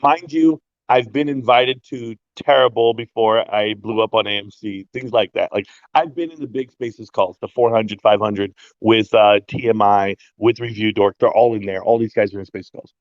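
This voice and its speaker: A man's voice: fairly low pitch, moderate pace, hardly any pauses, no echo, muffled recording. A man co-hosting a livestream in casual chat, ranting and opinionated. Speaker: livestream co-host.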